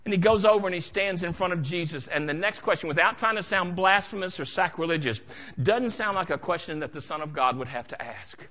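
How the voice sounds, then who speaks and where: A man preaching a sermon in church, dramatic, dropping to a hush and then rising to shouts. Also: high voice, a little fast, muffled recording. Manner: dramatic, swings from hushed to shouting. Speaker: pastor.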